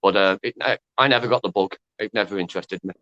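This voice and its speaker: A man with a Northwest England accent, chatting as a guest gardener on a video call, deadpan and halting with restarts. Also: deep voice, no echo, lo-fi sound. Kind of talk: casual chat.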